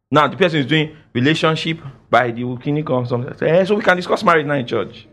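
A man's voice: a little high, fast, fairly bright tone. A man preaching a sermon, emphatic and scolding, repeating phrases for effect. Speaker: pastor. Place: church.

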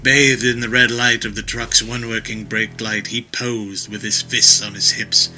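Bright-voiced male story narrator. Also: on the low side, measured pace, soft background music, low-quality recording. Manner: vivid, expressive storytelling.

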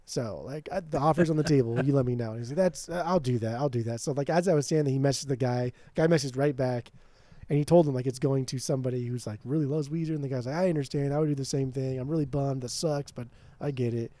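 A man co-hosting a podcast, telling a story in a casual, animated way and swearing freely. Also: medium pitch, fast, no echo. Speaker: podcast co-host, record store owner. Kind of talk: casual chat.

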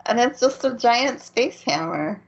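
Female podcast co-host, slow and easygoing, laughs a lot, muffled lo-fi sound. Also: fairly high pitch, animated. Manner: laughs often, unhurried recap. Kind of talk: casual chat recapping an anime.

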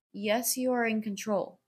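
A woman's voice: fairly high pitch, a little mellow, breathy edge. A woman talking solo on her podcast in a rambling way, full of "like" and casual swearing. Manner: rambling, heavy on filler "like", frequent swearing. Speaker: podcast host.

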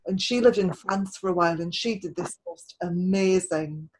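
A woman's voice: lowish voice, moderate pace, husky, poor audio. A woman writer hosting a casual interview, talking in a chatty way with many restarts and repeated words. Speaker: podcast host and writer.

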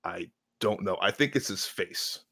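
Low-voiced man, wry and informed, dry deadpan humor, dry close sound. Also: unhurried, gravelly, no echo. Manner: wry, knowledgeable, deadpan jokes. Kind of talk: casual chat.

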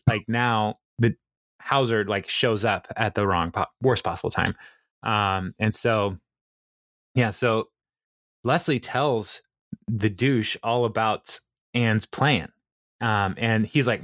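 A man with a low voice chats casually on a podcast, retelling scenes and quoting characters with frequent laughs and "um"s. The sound is close and dry, with no room around it. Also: slow, pauses often, fairly bright tone, dry recording. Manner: laughs often, recounts scenes with quoted lines and many fillers. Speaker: podcast co-host. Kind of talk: casual chat recapping a TV episode.

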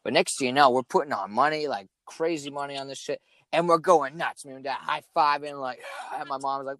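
A young man in casual chat, swearing often and telling stories with animated energy. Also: medium pitch, fairly quick, no room sound. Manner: swears a lot, animated storytelling.

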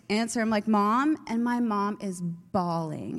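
A woman's voice: mid-range voice, normal speed, few pauses. A young woman, a youth leader, telling her faith story in a chatty way with many fillers. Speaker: youth leader giving testimony. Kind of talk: personal testimony talk. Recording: long hall reverb.

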